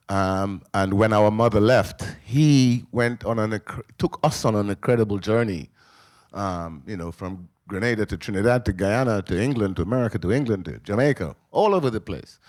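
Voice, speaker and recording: A man's voice: on the low side, no echo. Man in his sixties telling an emotional story. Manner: emotional, animated storyteller who acts out voices. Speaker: memoir author on a festival panel. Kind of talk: personal storytelling at a book talk. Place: live event in a library venue.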